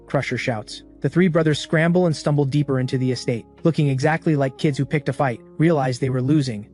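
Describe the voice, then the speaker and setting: A man narrating a scripted story recap in a steady, dramatic storytelling manner. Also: medium pitch, fairly quick, hardly any pauses. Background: faint music.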